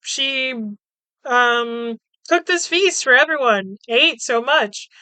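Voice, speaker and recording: A woman's voice: high voice, takes it slowly, pushed and bright, smooth, no echo. A woman podcast host casually recapping a movie, chatty and swearing, laughing as she acts out the characters' lines.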